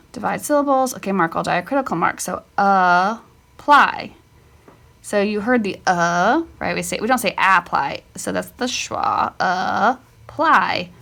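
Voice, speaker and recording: Slow, chatty woman teaching spelling. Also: medium pitch, creaky, a bit bright. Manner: thinking aloud, self-correcting, chatty asides. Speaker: homeschool teacher. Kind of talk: casual spelling lesson walkthrough.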